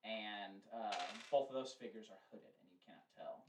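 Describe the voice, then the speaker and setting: A man's voice: lowish voice, fairly even intonation, normal speed, distant mic, noisy background. A man narrating as game master in a rambling way, with many fillers and restarts. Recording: roomy, off-mic.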